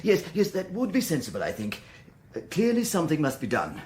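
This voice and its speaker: An actor playing a nervous, stammering Victorian gentleman in a radio drama. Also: on the high side, wildly swooping pitch, a little fast. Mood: anxious. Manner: hesitant, stammering with fillers. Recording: noisy background.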